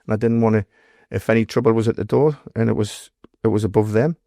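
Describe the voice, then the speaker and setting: A man's voice: on the low side, fairly even intonation, fast, vocal fry, mellow, no echo, studio quality. A man with a Geordie accent, a former doorman telling stories in an interview in a blunt, sweary way, acting out what people said. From North East England. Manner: blunt storytelling, heavy swearing, acts out quoted dialogue. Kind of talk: casual interview storytelling.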